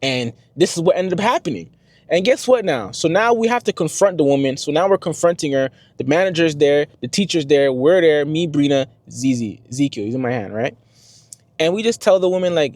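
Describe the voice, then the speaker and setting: A man's voice: a little high, brisk, no room sound. A young man and first-time father telling a story to the camera in a casual, slangy vlog style. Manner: slangy, conversational, animated retelling.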